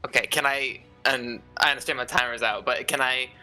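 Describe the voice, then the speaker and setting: A man playing a tabletop game, excitable and swearing freely, laughing often as he plans his moves. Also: medium pitch, fairly quick, faint music behind. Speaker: player. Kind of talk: tabletop game play, casual.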